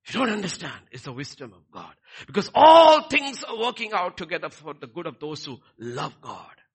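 A man preaching a sermon, swinging between quiet lines and loud, emphatic ones. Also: high voice, sing-song, moderate pace, husky. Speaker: pastor.

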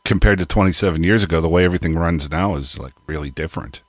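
A man's voice: low voice, fast talker, no echo, studio quality. A man hosting a radio interview show, asking brief conversational questions. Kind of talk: casual interview chat.

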